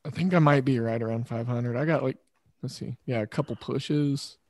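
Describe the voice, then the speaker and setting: A man hosting a casual chat show, thinking aloud in a measured way with pauses and fillers. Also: mid-range voice, darkish tone, no echo. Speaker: podcast host.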